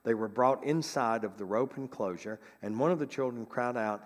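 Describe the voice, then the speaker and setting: A man's voice: mid-range voice, lively intonation, moderate pace, few pauses, in a large hall. A man presenting local history, reading an old newspaper account aloud with chatty asides, in a church sanctuary.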